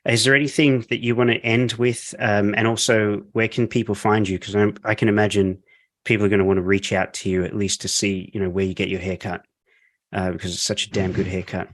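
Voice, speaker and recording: A man's voice: fairly low pitch, flat delivery, fairly quick, fairly bright tone, no room sound, clean studio sound. A man hosting a podcast interview, chatty and joking with lots of fillers. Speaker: podcast host. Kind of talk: casual interview chat. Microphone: podcast microphone.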